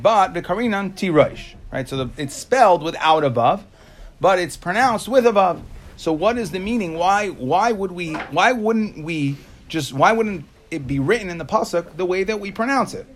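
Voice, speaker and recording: A man's voice: on the high side, a little hiss or hum. A man teaching a Talmud class to students in a classroom, explaining in bursts and asking rhetorical questions that he answers himself.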